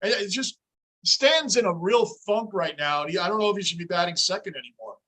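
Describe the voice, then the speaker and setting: A man's voice: high voice, lively intonation, fast, pushed and bright. A middle-aged man hosting a fan livestream, chatting casually and reading viewer comments aloud as he reacts to the game. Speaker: livestream host.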